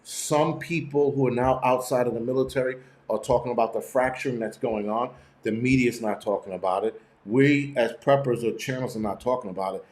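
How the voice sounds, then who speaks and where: A man talking casually to his viewers, swearing freely and restarting sentences as he tells his stories. His voice sits at an everyday middle pitch. The sound carries the echo of a bare room. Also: fairly even intonation, fairly quick, a little mellow. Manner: profane, rambling storytelling with many restarts. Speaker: channel host. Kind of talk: casual live-stream rant.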